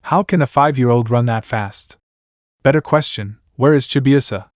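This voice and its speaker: A man's voice: medium pitch, moderate pace, no echo, natural voice. A flustered young heroine's inner thoughts, exasperated and curious, read by a man close to his own voice. The reading is dry and close.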